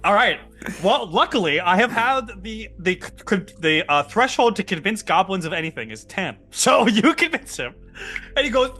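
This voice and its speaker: A man narrating a tabletop game as game master, animated and often laughing. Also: sits high, moderate pace, faint music behind.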